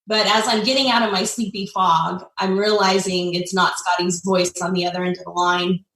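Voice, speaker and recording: A woman in her forties from the United States, telling a personal story as a guest in an earnest, heartfelt way, pausing often with fillers. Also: lowish voice, level tone, a bit bright. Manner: heartfelt, with frequent pauses and fillers. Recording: echoey room, distant mic.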